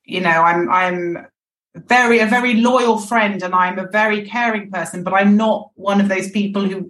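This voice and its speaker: A woman's voice: fairly low pitch, fairly even intonation, moderate pace, a bit bright. Woman guest opening up on a podcast, restarts her sentences a lot, sounds far off and roomy. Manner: frank, reflective, restarts phrases often. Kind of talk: candid podcast conversation. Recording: echoey, distant mic.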